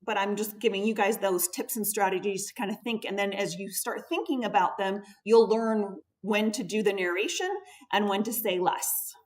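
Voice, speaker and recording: A woman's voice: mid-range voice, steady tone, normal speed. Distant-miked woman speech therapist presenting. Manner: patient, explanatory, stresses key words. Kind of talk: conference presentation. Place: conference room. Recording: voice picked up from a distance.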